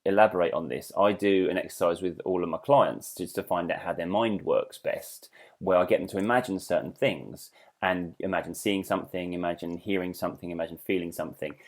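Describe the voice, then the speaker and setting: A man, a mind coach co-hosting a podcast, chatting in a wry, teasing way and explaining things calmly. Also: low-pitched, brisk. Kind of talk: casual chat.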